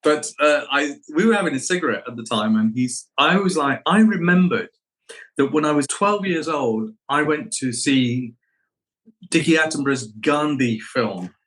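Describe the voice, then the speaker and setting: A middle-aged man, an actor being interviewed, reflecting on his craft and telling animated anecdotes. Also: a little high, normal speed, low-quality recording. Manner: animated anecdotes, acts out quoted voices.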